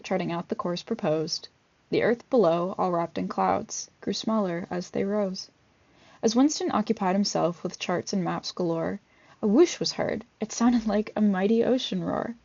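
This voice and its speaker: A woman's voice: mid-range voice, creaky, darkish tone. A woman vlogger reading a picture book aloud, with chatty asides and fillers between pages. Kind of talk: casual read-aloud with commentary. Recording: dull lo-fi recording.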